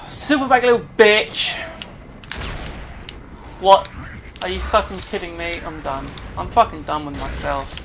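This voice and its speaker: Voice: medium pitch, unhurried, pauses often, noisy background. A gamer giving live commentary on their own play, groaning often and swearing at opponents on screen. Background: game music.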